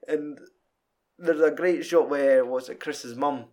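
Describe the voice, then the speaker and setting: A young Scottish man in casual chat, animated, swearing freely and acting out scenes with laughter. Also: fairly high pitch, slow.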